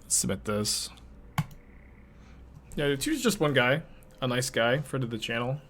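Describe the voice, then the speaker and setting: A man streaming a card game, talking casually at a middle pitch. He reasons through each play aloud in a loose, chatty way. Every so often he turns to answer questions from his viewers. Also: animated, unhurried, a bit bright, slight background noise. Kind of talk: casual live-stream gameplay commentary.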